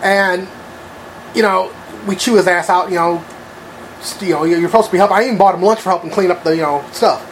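A man's voice: high voice, fairly quick, slight background noise. A man telling a long story in casual chat, rambling with lots of fillers and swearing. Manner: rambling, profane, full of fillers.

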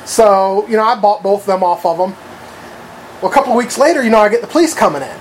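A man's voice: high-pitched, lively intonation, fast, slight background noise. A man telling a long story in casual chat, rambling with lots of fillers and swearing. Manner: rambling, profane, full of fillers.

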